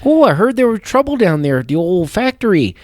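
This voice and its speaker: A man's voice: sits high, very animated, brisk, no echo, studio quality, voice pushed up. A man putting on a chummy sing-song factory-town guy. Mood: folksy. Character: folksy small-town factory man, chatty and friendly.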